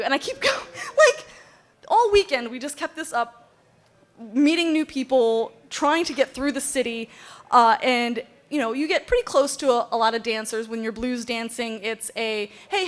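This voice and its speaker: A young woman with a bright, high-pitched voice tells a funny personal story to a live audience. She is animated and self-mocking, often laughing as she goes.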